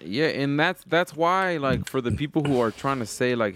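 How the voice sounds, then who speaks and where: A man's voice: mid-range voice, lively intonation, normal speed, few pauses, a bit bright. A man co-hosting a podcast in casual chat, giving blunt, profane opinions. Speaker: podcast co-host.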